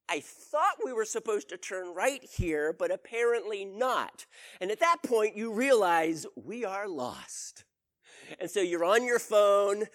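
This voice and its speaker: A man's voice: high-pitched, fairly bright tone. A man giving a conversational sermon as a preacher, telling stories and putting questions to his audience. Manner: storytelling, asks the audience questions.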